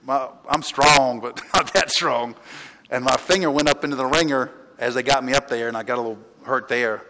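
A pastor preaching a sermon in a church, talking in a chatty storytelling way, with restarts and laughs. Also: male voice, mid-range voice, normal speed. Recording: long hall reverb, loud background noise.

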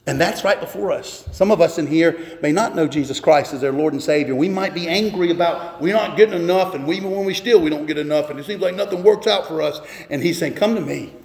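A man's voice: a little high, fast talker, creaky, few pauses, darkish tone. A man in his twenties or thirties preaching a sermon as pastor, impassioned and voicing biblical figures in quotes. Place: church sanctuary. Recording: echoey church hall.

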